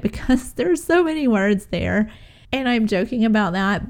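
Middle-aged woman host, mellow voice, chuckles through her own jokes, acts out dialogue. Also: medium pitch. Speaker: podcast host. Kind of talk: casual storytelling monologue.

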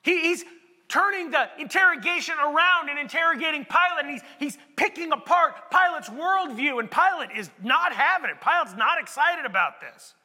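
Brief: male pastor, very high voice, conversational sermon rising to shouts, echoey hall recording. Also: animated, normal speed. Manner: conversational, building to emphatic shouts. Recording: echoey hall with long reverb.

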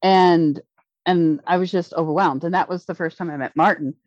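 A middle-aged woman telling a rambling story in casual conversation, excited and full of restarts. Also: on the low side, moderate pace, dry recording. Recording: dull lo-fi dry recording.

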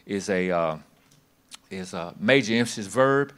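A man's voice: fairly low pitch, lively intonation, measured pace, a bit bright, clear, resonant tone. A man preaching a sermon, folksy and emphatic, with bits of humor.

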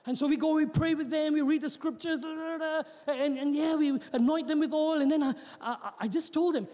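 A man's voice: extremely high pitch, a little fast, hardly any pauses. A man preaching a sermon as pastor, mixing jokes with rousing calls and often repeating and restarting his words. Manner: preaching with joking asides, rising to shouts. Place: church hall. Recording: long hall reverb.

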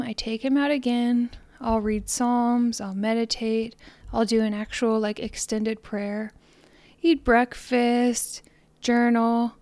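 A woman giving a reflective spiritual talk in a soft, earnest, meditative way, sometimes slowing and fading to near-whispers. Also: on the high side, smooth, no room sound. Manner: soft, slows down and trails off into near-whispers on repeated phrases. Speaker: spiritual podcaster.

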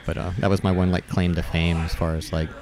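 A man's voice: low voice, level tone, fast, a little mellow. A middle-aged man telling stories in casual conversation, rambling with many fillers and restarts. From West Virginia. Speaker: brewer and guest.

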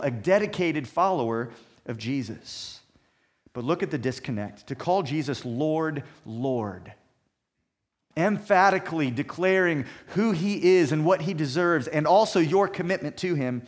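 Emphatic man preaching a sermon. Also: a little high. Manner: emphatic, measured preaching with repeated phrases. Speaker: pastor.

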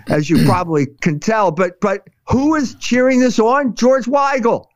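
Man, high-pitched, impassioned commentary, halting restarts, dry muffled recording. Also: animated, no echo. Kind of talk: opinionated commentary chat.

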